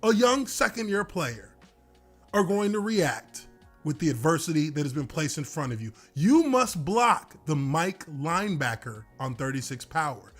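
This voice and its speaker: Speaking at a measured pace in a fairly high register, this man recounts a dramatic moment from his days as a pro football lineman. The anecdote comes out lively and laid-back, peppered with casual swearing, over faint background music.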